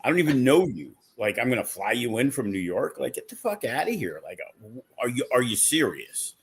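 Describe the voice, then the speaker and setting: A man's voice: mid-range voice, sing-song, fairly quick, husky. A man who promotes wrestling shows, chatting casually in a blunt, profane, rambling way with lots of fillers. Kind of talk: casual podcast chat.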